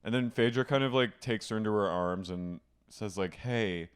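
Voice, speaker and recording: A man co-hosting a casual podcast, campy and animated, often mimicking people in a high mock voice. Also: moderate pace, smooth. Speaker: podcast co-host. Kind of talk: casual chat.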